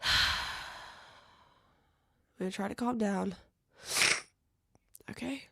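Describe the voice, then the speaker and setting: A woman's voice: medium pitch, slow pace, vocal fry, noisy background. A tearful woman in an emotional argument on a live stream, self-critical and often dropping to a whisper.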